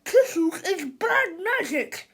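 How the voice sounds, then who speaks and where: A frantic boy monster howls and cries in broken grammar, as a woman reading a storybook puts him on. His voice shoots up very high and loud, a shrill wail that sounds a little distant from the mic. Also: sing-song, slow pace, exaggerated voice. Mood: panicked. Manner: broken grammar, crying and shouting. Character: panicky boy turning into a monster. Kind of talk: storybook read-aloud.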